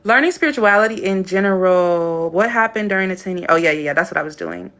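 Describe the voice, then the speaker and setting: A woman's voice: lowish voice, fast talker, a bit bright. Blunt, chatty young woman streamer. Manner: blunt, chatty, laughs often. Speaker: live-stream host and spiritual coach. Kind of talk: casual live-stream Q&A chat.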